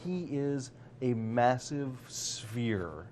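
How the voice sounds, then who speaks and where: A man narrating a tabletop game as game master, animated with many fillers. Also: mid-range voice, drawn-out words, slight background noise.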